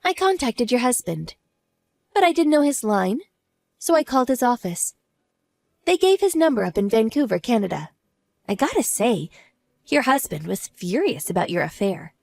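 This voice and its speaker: A woman voicing a wronged wife in an audio drama, smug and sarcastic as she calmly mocks. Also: a little high, moderate pace, creaky, long pauses, no echo, clean studio sound, heavily acted. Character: cool, mocking wronged wife, adult woman.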